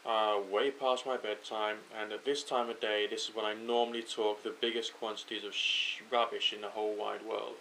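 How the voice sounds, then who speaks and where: A man's voice: fairly low pitch, flat delivery, normal speed, few pauses, pushed and bright, a little hiss or hum, rough recording. A British man speaking his thoughts aloud to camera late at night, overtired and rambling, correcting himself as he goes. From United Kingdom. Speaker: vlogger. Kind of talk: late-night thinking out loud.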